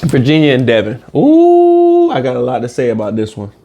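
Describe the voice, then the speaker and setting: A man's voice: mid-range voice, fast talker, a little mellow, muffled recording. A man hosting a casual reaction video, rambling and preaching life lessons straight to his viewers and swearing freely.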